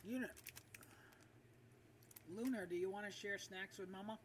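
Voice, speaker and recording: Here a woman of medium pitch and normal speed keeps up loose, filler-heavy gaming chat on her stream. She sounds far from the microphone, her voice bouncing around an echoing room over background noise.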